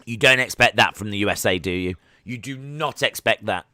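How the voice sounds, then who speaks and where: A streamer reacts to the races live, chatty and easily excited. His voice is bright and crisp, close to the mic in a dry room. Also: on the low side, a little fast, no echo. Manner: chatty, excitable, with frequent fillers. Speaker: livestream host. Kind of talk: live sports watch-along commentary.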